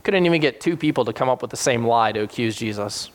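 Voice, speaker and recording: A man preaching a sermon, retelling scripture with animated acted-out voices for the people in the story. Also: quick pace. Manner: animated, acts out quoted characters with sudden high-pitched voices. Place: South Jersey church.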